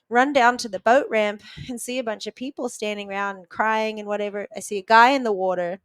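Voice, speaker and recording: Podcast guest, female; clear resonant voice, dry close sound, conversational storyteller. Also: medium pitch, steady tone, a little fast, hardly any pauses, no echo. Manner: vivid retelling, frequent "like" fillers.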